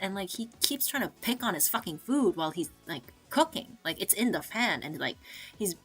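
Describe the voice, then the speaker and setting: A woman's voice: mid-range voice, very animated, moderate pace, slightly rough. A woman streamer telling a story in casual chat, swearing freely, filling her speech with "like," and mimicking the people she quotes. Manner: chatty, swears freely, fills with "like". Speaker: VTuber streamer.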